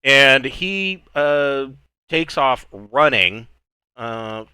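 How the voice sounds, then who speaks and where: A man narrating a tabletop game as game master, describing scenes at a slow pace. His voice is bright and sharp. He hesitates often, with fillers and restarts, on a dry close mic. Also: medium pitch, animated, clean tone, dry recording. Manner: halting, full of fillers and restarts.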